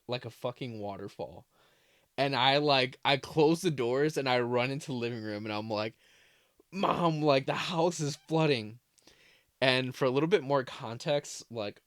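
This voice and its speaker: In a dry, studio-quality recording, a young man in his twenties with a medium-pitched voice tells a childhood story for his vlog. He's speaking from his parents' basement in a loose, casual style packed with "like" and other fillers.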